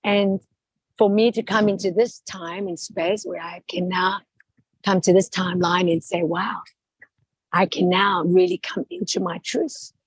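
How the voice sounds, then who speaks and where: Woman, podcast host, slow and unhurried, husky, earnest, dry close sound. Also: lowish voice, steady tone, dry recording, rough recording. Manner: earnest, slow, open about feelings. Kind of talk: reflective conversational sharing.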